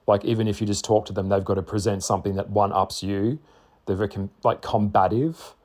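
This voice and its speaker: A man talking bluntly to camera in a casual monologue, swearing freely and stressing his points with slow, repeated words. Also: on the low side, fairly even intonation, darkish tone. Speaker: spiritual vlogger.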